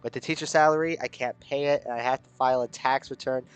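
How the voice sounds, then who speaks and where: A man's voice: medium pitch, fairly even intonation, fast talker, clear, resonant tone, faint music behind, close to an everyday voice. A man voicing a heartbroken middle-aged father in a game, speaking in a choked, pleading way. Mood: despairing. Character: grieving middle-aged father, broken teacher.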